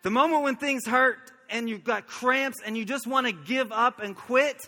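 A pastor from Oklahoma preaching a sermon, telling stories earnestly and chuckling now and then. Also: male voice, extremely high pitch, normal speed, pushed and bright, in a large hall. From Oklahoma, USA.

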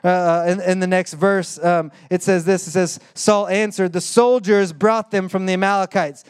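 A young adult man preaching a sermon in a conversational, animated way, full of "like" and acted-out quotes. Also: normal speed, smooth. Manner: animated, acts out quoted voices with sudden high bursts; conversational with frequent "like" fillers. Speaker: pastor.

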